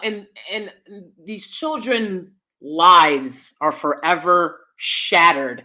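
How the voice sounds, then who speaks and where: A woman from the United States hosting a livestream, talking in an emphatic, fiery, animated way and reading out super chats. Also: medium pitch, slow pace. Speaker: host.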